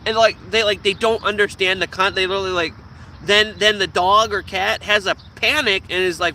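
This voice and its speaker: Vlogger man ranting, swears a lot, lively, slightly high-pitched, recorded outdoors with heavy street noise. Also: fairly quick. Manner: profane, animated, acts out quoted voices. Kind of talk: casual rant to camera.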